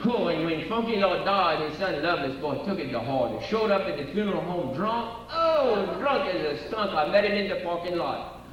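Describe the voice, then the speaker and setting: High-voiced Cajun man spinning a comic yarn. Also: expressive, moderate pace, dull audio, over music. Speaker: comedian. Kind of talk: live comic storytelling. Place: theater stage before an audience. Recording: very echoey hall, from far off, faint noise.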